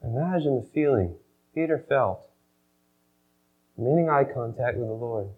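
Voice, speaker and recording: A man preaching a sermon, retelling a scene dramatically and swinging between loud emphasis and hushed, slow passages. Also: medium pitch, animated, slightly rough, narrow, tinny audio. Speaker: pastor.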